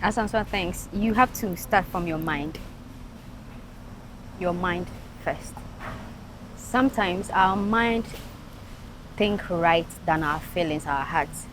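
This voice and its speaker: A woman's voice: lowish voice, slow, pauses often, noisy background. A woman with a Ghanaian English accent speaking frankly and emphatically as a panelist on a casual talk show. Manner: frank, emphatic, mixes in local phrases.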